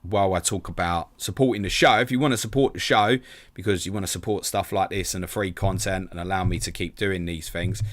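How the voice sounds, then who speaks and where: Deep-voiced casual stream host. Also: male voice, dry recording. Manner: casual and quick, calls viewers mate, self-deprecating. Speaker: fantasy football stream host. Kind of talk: live stream Q&A, reading chat questions.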